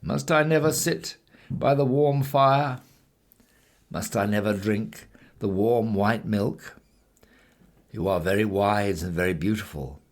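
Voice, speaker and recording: A man's voice: sits low, animated, unhurried, breathy edge, heavily acted. A man voicing a proud, sly male wild cat in a storybook reading, haughty and wheedling by turns.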